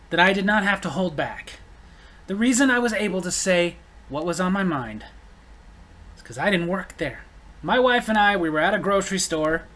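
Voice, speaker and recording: A man's voice: sits high, a bit bright. A man telling a story in a casual, blunt, exasperated ranting way. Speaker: storyteller vlogger.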